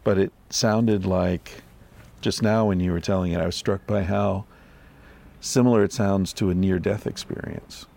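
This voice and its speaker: A man hosting a podcast interview, calm and reflective, with short encouraging replies and thoughtful questions. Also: deep voice, normal speed, gravelly. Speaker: podcast host. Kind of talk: conversational interview.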